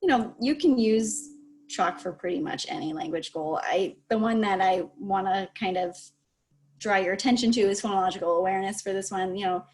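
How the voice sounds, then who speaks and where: A woman's voice: medium pitch, a little fast, a little mellow. Woman on a video call giving speech tips, chill and encouraging, laughs a lot. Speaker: speech-language advisor. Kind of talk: casual advice chat.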